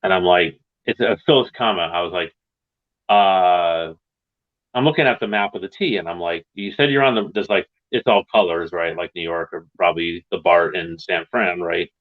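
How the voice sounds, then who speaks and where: A man in his fifties from Massachusetts, with a deep, low-pitched voice on a dull, muffled line. He tells a rambling story in casual chat and keeps tagging his lines with "right?". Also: moderate pace.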